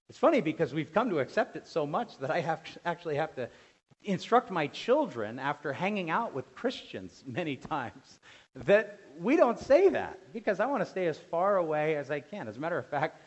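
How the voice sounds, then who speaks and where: Man, pastor, sermon, very lively pitch, quiet asides to loud bursts, muffled lo-fi recording. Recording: dull lo-fi sound.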